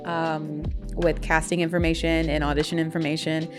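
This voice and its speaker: Chatty actress narrating over music. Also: female voice, low-pitched, flat delivery, normal speed. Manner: chatty and self-mocking, laughs often. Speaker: actor and vlogger.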